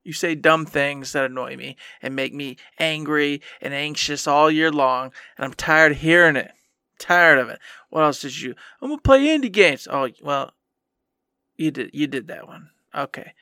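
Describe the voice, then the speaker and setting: A young man on a gaming podcast chews out his past self with mock anger, sometimes slipping into a whiny parody of himself. His voice sits high and sounds bright and forward. The mic is close and dry. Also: steady tone, normal speed, clean tone, no echo. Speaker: podcast co-host. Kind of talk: casual podcast chat.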